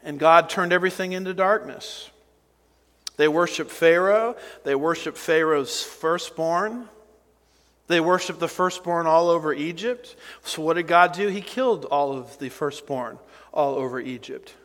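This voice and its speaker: Male pastor, sermon delivery, unhurried, emphatic, reverberant hall. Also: a little high, fairly bright tone. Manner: slow, deliberate preaching with emphatic rises and asides.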